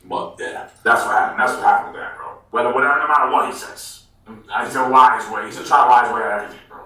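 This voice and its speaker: A man telling a story in a casual interview, animated and swearing freely, calling people bro. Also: mid-range voice, racing. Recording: echoey room, mic far off.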